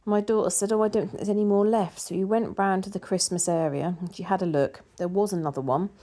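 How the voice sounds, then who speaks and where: Chatty woman, mellow voice. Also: medium pitch, fairly even intonation, fast talker. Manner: chatty, lots of fillers and quoted dialogue. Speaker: vlogger. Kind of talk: casual storytelling.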